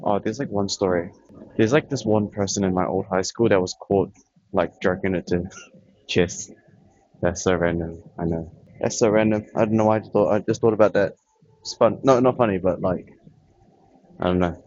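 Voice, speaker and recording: Low-voiced young man, rambling game chat. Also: normal speed, long pauses, darkish tone, lo-fi sound. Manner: rambling, offhand, trails off often. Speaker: gaming vlogger. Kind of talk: casual chat while playing a game.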